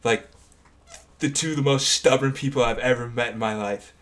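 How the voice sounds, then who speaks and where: A man's voice: medium pitch, fairly even intonation, normal speed, fairly bright tone. A man in his twenties co-hosting a podcast in casual chat, rambling into tangents and laughing between stories. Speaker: podcast co-host.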